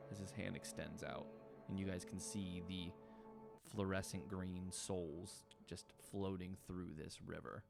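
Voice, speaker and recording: Low, gravelly male game master narrating a fantasy game over music. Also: fairly even intonation, measured pace. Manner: loose, filler-heavy narration.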